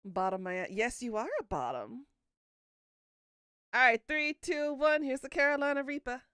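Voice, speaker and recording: A woman's voice: high-pitched, moderate pace, pushed and bright, clear, resonant tone, dry recording, studio quality. A woman streaming a spicy food challenge, swearing, groaning and coughing as she talks to her chat. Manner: swears a lot, groans and coughs through the heat. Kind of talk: livestream hot-sauce challenge chat.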